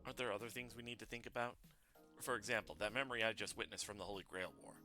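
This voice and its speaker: A man's voice: lowish voice, fairly even intonation, very fast, bright, forceful tone, faint music behind. A man streaming a game, reading its narration aloud in a plain, earnest voice.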